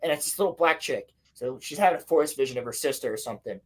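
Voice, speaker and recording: A man's voice: medium pitch, lively intonation. A man hosting a podcast, recapping a show in casual, crude, sarcastic chat. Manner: crude, sarcastic, acts out dialogue in quick asides. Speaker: podcast host.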